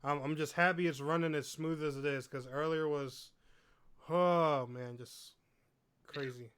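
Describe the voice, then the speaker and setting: A man's voice: a little high, fairly even intonation, measured pace, a bit bright, clean tone. A man co-hosting a gaming podcast, speaking casually in an emphatic, opinionated way. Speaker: podcast co-host. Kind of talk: casual chat about games.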